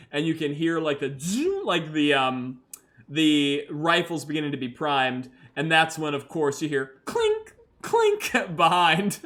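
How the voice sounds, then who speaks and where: A man's voice: fairly high pitch, fairly bright tone. A man narrating a solo tabletop role-playing game as host and game master. He talks loose and chatty, full of fillers, and laughs easily at his own dice rolls.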